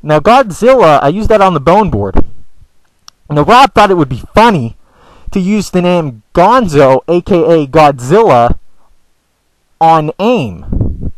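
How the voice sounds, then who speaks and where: A man's voice: a little high, very animated, slow, pauses often, a little hiss or hum, low-quality recording. A man ranting in a video blog, stammering and repeating words, swearing often, with an aggrieved, whiny tone. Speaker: video blogger. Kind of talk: ranting vlog monologue.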